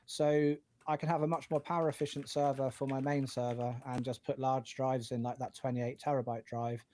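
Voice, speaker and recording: A man's voice: mid-range voice, flat delivery, moderate pace, mellow, a little hiss or hum. A British man co-hosting a tech podcast, chatting casually and rambling a little as he explains his setup. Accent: British English. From United Kingdom. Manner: chatty, rambling, with many fillers. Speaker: podcast co-host.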